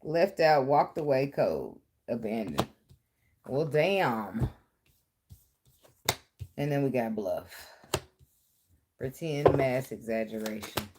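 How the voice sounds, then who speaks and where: A woman's voice: a bass voice, very animated, slow, long pauses, background noise. A woman giving a casual tarot reading, talking bluntly with profane, chatty asides. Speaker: tarot reader.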